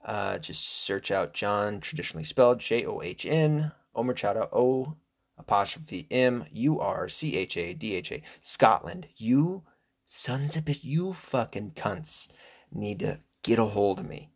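A man's voice: lowish voice, expressive, normal speed, creaky. A middle-aged man hosting a podcast, talking in a crude, rambling, casual monologue and laughing at himself. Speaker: podcast host.

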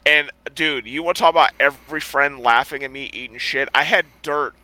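A man's voice: medium pitch, brisk, bright, forceful tone, rough recording. A man co-hosting a casual podcast who tells stories animatedly, acts out the people in them, swears and laughs often. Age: adult, past college. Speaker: podcast co-host. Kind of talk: casual chat, storytelling.

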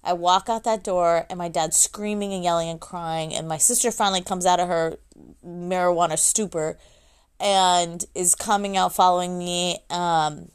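A woman's voice: on the low side, steady tone, moderate pace, clear, resonant tone. A woman telling a personal story in a raw, blunt, profane way, often restarting and correcting herself. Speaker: adult daughter sharing her story.

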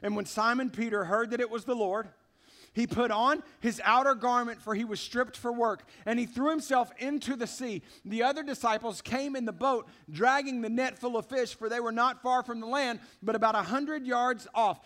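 A man's voice: very high-pitched, moderate pace, a bit bright. A man preaching a sermon in a church service, emphatic and conversational, talking straight to the congregation. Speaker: pastor.

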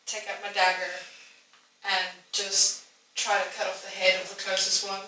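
Woman, player, bright voice, echoey room, distant mic. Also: mid-range voice, monotone, moderate pace, a little hiss or hum. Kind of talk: casual tabletop play.

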